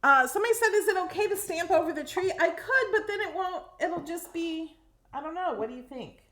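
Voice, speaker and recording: A woman hosts a live crafting stream, friendly and quick to laugh. Her voice sits high and moves lively. The room adds an echo. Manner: friendly, laughs easily while working. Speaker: host crafter.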